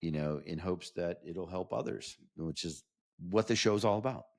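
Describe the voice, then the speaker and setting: A man's voice: low voice, normal speed. A man hosting a podcast interview, talking enthusiastically and effusively, often restarting his phrases. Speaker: podcast host.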